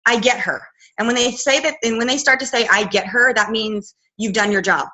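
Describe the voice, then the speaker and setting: A woman's voice: fairly high pitch, a little fast, bright, forceful tone, rough recording. A woman coach in her thirties giving a casual talk on a video call, chatty and full of fillers. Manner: chatty, filler-heavy, quoting herself. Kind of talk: casual live training talk.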